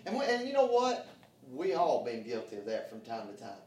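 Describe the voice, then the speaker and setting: A man's voice: mid-range voice, huge pitch swings, fairly quick, darkish tone, reverberant, distant mic, slight background noise. A man preaching a sermon in a church, fervent and folksy, calling out to the congregation for answers. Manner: fervent preaching with call-and-response, folksy grammar. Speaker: pastor. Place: church sanctuary.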